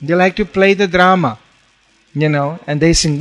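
A man's voice: a little high, moderate pace, fairly bright tone. Storytelling man preaching a sermon. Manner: storytelling with acted-out quotes, frequent "you know". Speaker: monk preacher.

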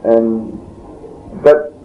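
A man being interviewed, telling a long story in a rambling way, often breaking off and chuckling. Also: very slow. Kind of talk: casual spoken storytelling. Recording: dull lo-fi tape in a roomy space, faint hiss.

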